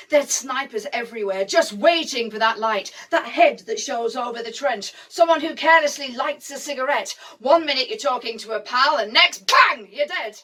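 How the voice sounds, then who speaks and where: A woman's voice: fairly high pitch, a bit bright, far from the mic. A woman playing a plain-spoken Northern war nurse. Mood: reminiscing. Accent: Northern English. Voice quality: broad dialect speech, vivid and emphatic. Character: young First World War nurse, warm-hearted, plain-spoken. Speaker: storyteller. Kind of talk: dramatic monologue.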